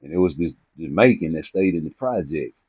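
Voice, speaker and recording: A man's voice: very deep voice, expressive, fairly quick, husky, no room sound. A man ranting casually to camera about boxing personalities, rambling and profane, teasing people and laughing at his own jokes. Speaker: boxing commentary vlogger. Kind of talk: casual comedic rant to camera. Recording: tinny phone-like dry sound.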